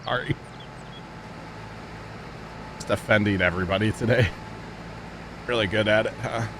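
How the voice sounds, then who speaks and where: A man's voice: lowish voice, fairly even intonation, normal speed, background noise. A man livestreaming, chatting casually and rambling easygoingly to his viewers. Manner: rambling and easygoing, talks straight to chat. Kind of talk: casual chat to a livestream audience.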